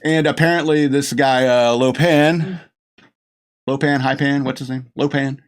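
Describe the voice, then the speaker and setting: This is a middle-aged man on his podcast, rambling and gushing through a casual movie review, laughing frequently and performing lines from the film. His medium-pitched voice stays steady and unhurried.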